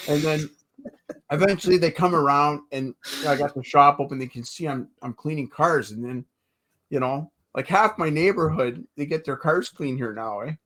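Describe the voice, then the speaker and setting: A man's voice: a little high, normal speed, fairly bright tone. A man guesting on a podcast, telling stories in a chatty way and tagging sentences with "eh" and "right". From Canada. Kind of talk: casual storytelling chat.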